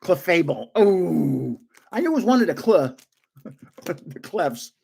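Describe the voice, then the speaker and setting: Excitable older man opening cards. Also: sits high, unhurried, husky. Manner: excitable, chatty, guessing aloud with frequent laughs. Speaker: card-opening vlogger. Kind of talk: casual live card opening.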